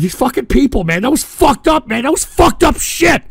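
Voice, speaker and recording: A man's voice: very high voice, sing-song, slow, gravelly, pauses often, husky, no echo. A profane, easily riled man hosting a call-in radio show.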